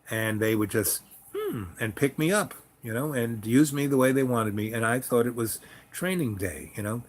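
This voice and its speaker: A man spinning a personal story in a casual, meandering way. His voice sits in an ordinary middle range, and he talks frankly, drifting into asides and restarts as he goes. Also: mid-range voice. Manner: rambling and frank, many fillers and restarts.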